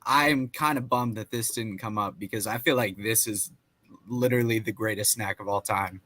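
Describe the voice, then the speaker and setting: Enthusiastic young man, bright voice. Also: fairly low pitch, normal speed, no echo. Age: young adult. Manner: enthusiastic, emphatic. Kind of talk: casual chat.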